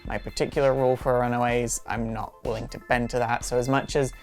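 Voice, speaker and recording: Casual woman host with a very low voice, retelling a story with energy, soft music in the background. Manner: animated retelling with quick character voices. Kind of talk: casual comic story recap.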